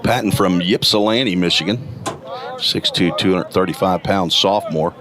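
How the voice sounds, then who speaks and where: A man with a gravelly morning voice calling college baseball play-by-play, reading stats in a steady, detailed way. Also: low voice, moderate pace, crowd noise. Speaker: play-by-play announcer. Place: outdoor college ballpark.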